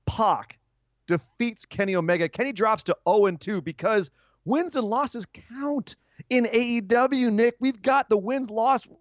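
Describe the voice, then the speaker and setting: A man's voice: very high-pitched, measured pace, dry recording, lo-fi sound. Joking male podcast host, dry sound. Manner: joking, ribbing his co-host. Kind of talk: casual wrestling podcast chat.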